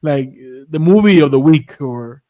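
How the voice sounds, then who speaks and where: A man's voice: fairly high pitch, expressive, measured pace, mellow, no room sound. A laid-back male co-host with a slightly raised voice chimes in briefly and laughs often. The sound is close and dry. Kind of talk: casual chat.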